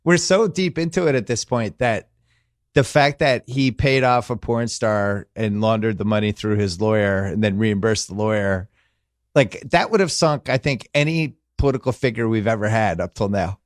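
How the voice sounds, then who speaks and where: A man's voice: on the low side, normal speed, no echo, clean studio sound. A man hosting a podcast in casual chat, telling stories in a rambling, wry way with many restarts. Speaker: podcast host.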